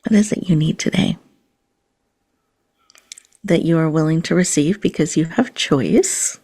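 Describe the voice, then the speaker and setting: A woman hosting a podcast, leading listeners through a slow, soothing mindfulness and breathing exercise. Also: deep voice, warm tone, breathy edge. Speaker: podcast host.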